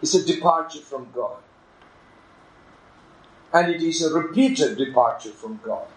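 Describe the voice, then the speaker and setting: An earnest male preacher delivering a sermon slowly and deliberately, with emphatic storytelling. His somewhat raised voice rings out in an echoing room. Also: a little high, lively intonation.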